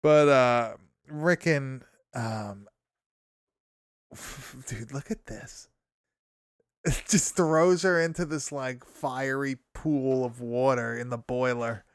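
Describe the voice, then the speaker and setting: Laid-back young man with a smooth voice. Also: mid-range voice, steady tone, takes it slowly, no room sound, clean studio sound. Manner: profane, laughing, rambling recap full of fillers. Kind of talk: casual movie recap chat.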